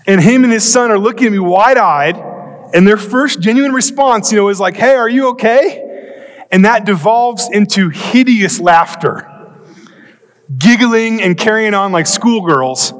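In a church hall full of long reverb, a high-voiced pastor tells a funny story as part of his sermon. His animated delivery alternates between rushing quick bursts and slowly stretched words with drawn-out pauses.

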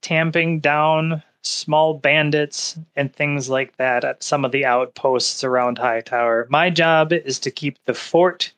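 A stern, sleep-deprived officer, voiced by a man at a game table, keeping his tone level and firm. He speaks slowly and with authority, in a fairly high, light voice. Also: fairly even intonation, fairly bright tone, clear, resonant tone. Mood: gruff questioning. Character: stern, weary middle-aged officer in command.

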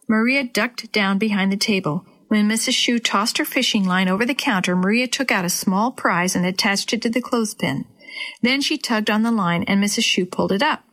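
A woman hosting a children's story program, reading aloud gently and expressively. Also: medium pitch, moderate pace.

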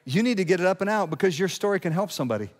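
A man's voice: high-pitched, lively intonation, racing, in a large hall. A middle-aged man preaching a sermon as pastor, conversational and prone to restarts and asides.

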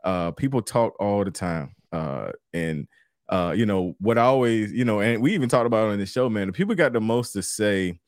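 A man's voice: fairly low pitch, expressive, moderate pace, dry recording, studio quality. A man co-hosting a podcast, chatting in a laid-back, casual way and saying "man" a lot. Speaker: podcast co-host.

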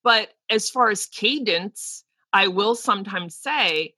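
A woman's voice: medium pitch, lively intonation, slow pace, few pauses, pushed and bright, no echo. A woman co-hosting a podcast and speaking frankly and at length as a teacher, often restarting her sentences. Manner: frank and talkative, with many restarts. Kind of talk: casual podcast discussion.

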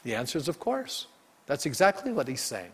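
A pastor preaching a sermon with emphasis and frequent questions put to the congregation. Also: male voice, medium pitch, big pitch swings, brisk, husky, in a large hall.

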